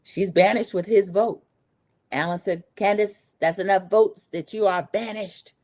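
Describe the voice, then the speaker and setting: A woman's voice: mid-range voice, unhurried. Lady in her 40s dishing on a tv episode, sassy and chatty, voices the cast. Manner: chatty, sassy, quotes cast members in lively put-on voices. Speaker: recap show host. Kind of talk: casual TV recap commentary.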